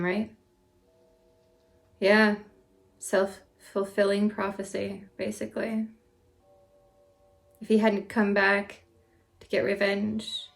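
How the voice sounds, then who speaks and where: A woman's voice: medium pitch, gravelly. Gushing woman reviewing a show. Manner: gushing, effusive, excitable. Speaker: reaction video host. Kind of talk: casual reaction and review.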